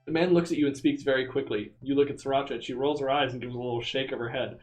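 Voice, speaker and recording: A man's voice: medium pitch, fairly even intonation, quick pace, hardly any pauses. A man streaming himself as he reads a text adventure game aloud, in a casual, amused way with asides. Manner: casual, amused, with frequent laughs.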